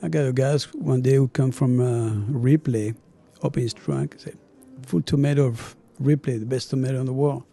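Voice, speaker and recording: French chef with a dark, mellow voice. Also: male voice, mid-range voice, normal speed, gravelly, few pauses. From France. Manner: animated storyteller, acts out dialogue, laughs often. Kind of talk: casual interview chat.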